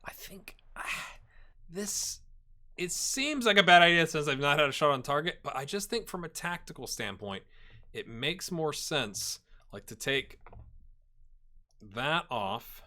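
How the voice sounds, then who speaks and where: Speaking at a measured pace in a fairly high pitch, a man provides let's-play commentary on a football management game. He gets worked up and chats with the virtual players on his squad.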